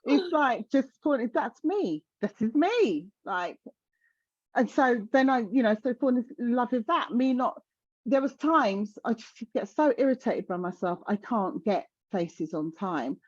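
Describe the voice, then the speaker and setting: A woman's voice: on the high side, lively intonation, measured pace, dull audio. A middle-aged woman with a South London accent, talking frankly and with energy in a casual conversation as a guest. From South London, England.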